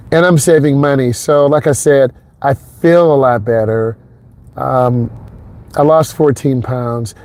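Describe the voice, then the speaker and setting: A man's voice: on the high side, darkish tone. A man who teaches driving, chatting casually and rambling to the viewer while he drives, recorded in his car on a clip-on mic. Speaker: driving instructor. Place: inside a car on an expressway. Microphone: wireless clip-on mic into a phone.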